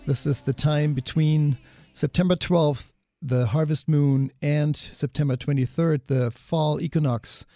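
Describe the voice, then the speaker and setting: A man hosting a radio talk show, speaking calmly and reflectively with a few "um"s. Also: a little high, a little slow, no room sound, faint music behind. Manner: calm, reflective, with "um"s. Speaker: radio host.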